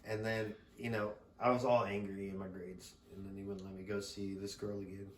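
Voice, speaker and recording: A man's voice: fairly low pitch, flat delivery, a little fast. A middle-aged man, a father, casually telling a rambling story on a podcast, laughing often and swearing freely. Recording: roomy sound from a distant mic.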